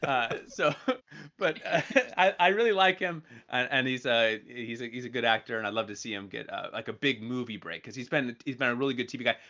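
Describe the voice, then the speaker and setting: A man's voice: mid-range voice, a little fast, sharp tone, highs cut off. A man chatting casually as a podcast co-host, rambling with many fillers and restarts. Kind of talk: casual chat.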